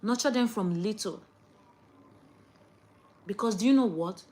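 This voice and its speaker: A young woman, lecturing viewers in a casual chat to camera and swinging between loud outbursts and hushed asides. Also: fairly high pitch, a little slow, long pauses. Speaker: vlogger.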